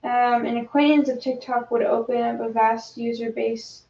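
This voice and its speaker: A woman's voice: on the high side, little pitch movement, moderate pace, creaky, warm tone, muffled recording, soft background music. Woman reading news aloud, roomy distant sound. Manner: reads news headlines aloud with hesitant ums. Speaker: livestream co-host. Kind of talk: casual chat.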